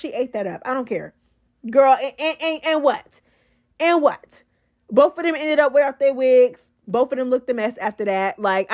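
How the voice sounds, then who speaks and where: A woman's voice: high-pitched, muffled recording. A woman hosting a casual reality show recap, chatty and slangy, talking straight to her viewers. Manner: chatty, slangy, animated, addresses viewers as girl.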